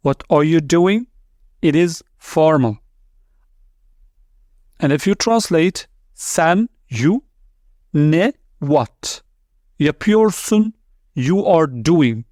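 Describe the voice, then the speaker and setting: Man, slow teacher, slightly high voice, dry close sound, repeats words for learners. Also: lively intonation, darkish tone, no echo. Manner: repeats words slowly, syllable by syllable; non-native English with small grammar slips. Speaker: language teacher. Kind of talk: slow, deliberate language lesson.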